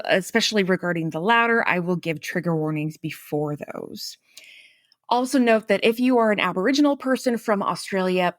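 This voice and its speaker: A woman's voice: lowish voice, dry recording. Chatty woman podcast host, dry sound. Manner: chatty and self-deprecating, with laughing asides. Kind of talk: scripted podcast narration.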